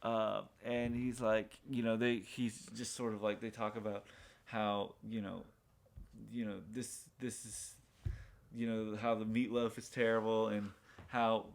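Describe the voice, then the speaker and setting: A man's voice: lowish voice, level tone, a little slow. A man casually recapping a TV pilot, rambling with fillers and acting out bits of dialogue. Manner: rambling retelling full of fillers, acting out lines from the show. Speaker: podcast co-host reviewing a TV pilot. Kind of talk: casual chat.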